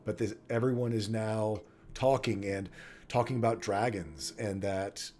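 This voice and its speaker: Brief: low-pitched male game master, loose chatty narration, faint music behind. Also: a little slow. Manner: relaxed, chatty narration with fillers.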